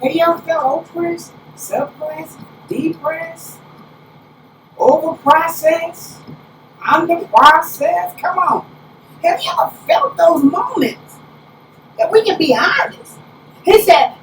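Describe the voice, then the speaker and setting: A woman apostle preaching a conversational sermon, telling stories with lively preacherly exclamations. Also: sits high, slow, long pauses. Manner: animated storytelling, preacherly exclamations. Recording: roomy, distant, faint background hiss.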